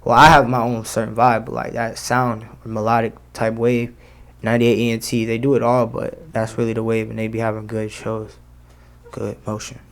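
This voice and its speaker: Gravelly young man talking loose slang. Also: medium pitch, monotone, normal speed. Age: young adult. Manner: slangy, loose, many fillers. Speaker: rapper guest. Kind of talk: casual interview.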